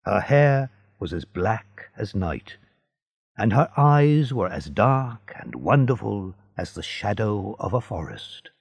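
A man narrating a storybook in a measured, expressive reading. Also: lowish voice, vocal fry, breathy edge, no room sound.

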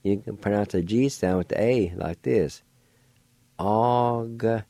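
A man teaching a spelling and pronunciation lesson, slow and careful, repeating each word. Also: lowish voice, gravelly, warm tone, husky, no echo. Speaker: language teacher and radio host.

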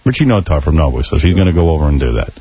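A man hosting a radio show, telling a story in an animated, self-mocking way, on a dull lo-fi radio recording. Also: rumbling low, very fast, breathy edge, no echo. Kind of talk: casual on-air storytelling. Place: radio studio.

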